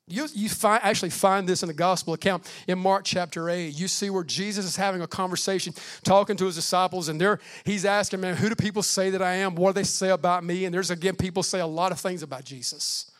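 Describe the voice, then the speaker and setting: High-voiced preaching pastor. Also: male voice. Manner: preaching with swings from loud emphasis to hushed, slow delivery; calls out "Amen" between points. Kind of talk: sermon.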